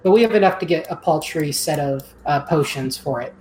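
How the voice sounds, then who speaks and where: A young woman playing a tabletop game in casual chat, excitable, swearing freely and stammering when upset. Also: deep voice, fairly quick, echoey room, a little hiss or hum, poor audio.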